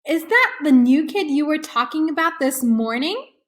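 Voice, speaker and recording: Woman doing a calm joking storybook dad. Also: high-pitched, normal speed. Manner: easygoing, lightly teasing. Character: calm joking father, steady and patient.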